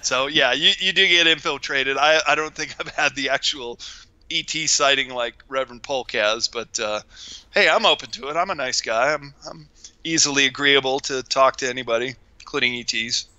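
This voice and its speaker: A man tells stories as a guest on a talk show, gregarious and quick to act out the people in them. His voice is very bright and smooth, and the sound is dry and close. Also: medium pitch, dry recording, lo-fi sound. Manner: gregarious, animated, acts out quoted voices. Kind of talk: casual storytelling chat.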